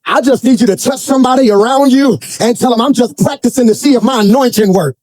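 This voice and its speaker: A man preaching a sermon to a congregation in church, swinging between shouted, sing-song lines and folksy, colloquial storytelling with asides. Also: extremely high pitch, fast talker, dry recording. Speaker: pastor.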